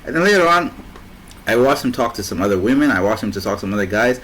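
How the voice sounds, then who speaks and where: A man's voice: mid-range voice, animated, fast talker, a bit bright, slight background noise, rough recording. A man hosting a casual voice chat, rambling anecdotes with frequent laughter. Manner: rambling, laughs often, restarts. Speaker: host.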